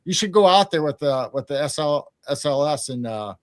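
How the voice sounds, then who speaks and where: A man's voice: a little high, expressive, normal speed, no echo, studio quality. Easygoing man from Central Illinois. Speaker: co-host. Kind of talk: casual livestream chat.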